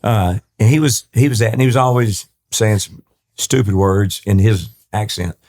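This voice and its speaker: A man's voice: lowish voice, fairly even intonation, moderate pace, a little mellow. A man from East Texas, a country singer and guest, telling long rambling anecdotes with many restarts and acting out the people he quotes. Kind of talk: storytelling interview talk.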